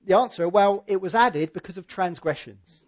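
A man preaching a sermon in a conversational, emphatic way, with a husky voice. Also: high voice, moderate pace.

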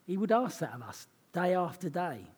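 A male preacher delivers his sermon with a hoarse, croaky voice. He sits a little high in pitch and talks earnestly, dropping in conversational asides. The husky edge never leaves his speech. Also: big pitch swings, normal speed.

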